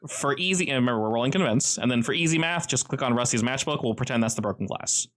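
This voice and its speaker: A man narrates a tabletop role-playing session as game master. He explains the rules patiently and laughs often. His pitch swings widely. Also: expressive, fast talker, a bit bright.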